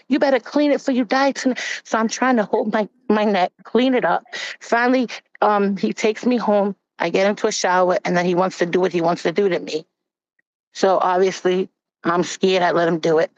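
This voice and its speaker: A woman's voice: medium pitch, no room sound. A woman giving a candid, blunt personal testimony as a panel guest. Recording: dull, dry recording.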